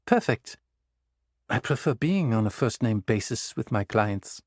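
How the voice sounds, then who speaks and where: A man's voice: fairly low pitch, sing-song, a little slow, dry recording, studio quality. A man voicing a poised, disarming female psychologist in her late thirties in an audiobook. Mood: brisk.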